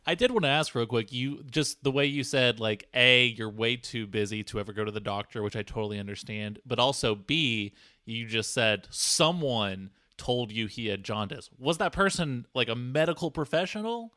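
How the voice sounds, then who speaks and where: Bright, wry man co-host. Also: mid-range voice, normal speed, few pauses, no echo, clean studio sound. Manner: wry, probing questions. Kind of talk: improv comedy chat.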